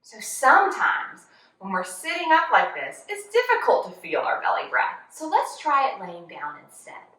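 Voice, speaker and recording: A woman's voice: fairly high pitch, huge pitch swings, normal speed, bright, forceful tone. A young woman leading a children's yoga class with a cheerful, sing-song, encouraging manner. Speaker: kids yoga teacher. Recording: very echoey room, voice from far off.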